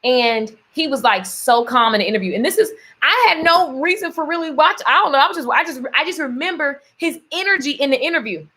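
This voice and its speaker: A woman's voice: sits high, lively intonation, fairly quick, few pauses, sharp tone. A woman vlogging in a casual, playful storytelling way, often laughing and slipping into voices for quotes. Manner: laughs often while talking. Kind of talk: casual storytelling and motivational talk.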